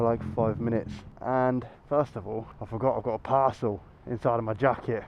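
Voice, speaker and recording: A young British man vlogging from his motorbike, chatty, sweary and self-mocking, his voice slightly croaky from being ill. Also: mid-range voice. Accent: British English. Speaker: motovlogger. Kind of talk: casual riding vlog. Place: outdoors on a motorbike in town traffic. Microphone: lapel mic under a helmet. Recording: muffled lo-fi with traffic noise.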